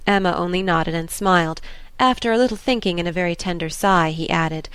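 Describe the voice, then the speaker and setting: A woman reading an audiobook in measured, storytelling narration. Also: on the low side, a bit bright, smooth, no echo. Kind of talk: scripted narration.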